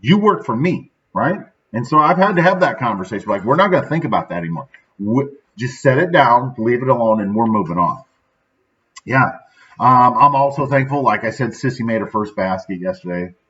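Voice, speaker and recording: Fairly quick and fairly bright, his medium-pitched voice has lively intonation. He's a central Illinois man in his thirties hosting a daily motivational show, rambling cheerfully in casual talk and frequently saying "right?", recorded with a slightly dull, lo-fi quality.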